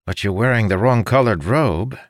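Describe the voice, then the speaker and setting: A man's voice: on the low side, normal speed, no echo, clean studio sound, pitched above the performer's own voice, natural voice. A man voicing a young male illusionist, an apologetic and teasing friend, in a fantasy audiobook.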